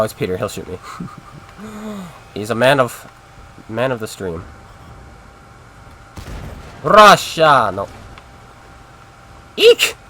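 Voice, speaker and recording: A man's voice: medium pitch, a bit bright, a little hiss or hum. A man casually talking to his stream chat while playing a game, in a rambling, chatty way. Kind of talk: casual live-stream commentary.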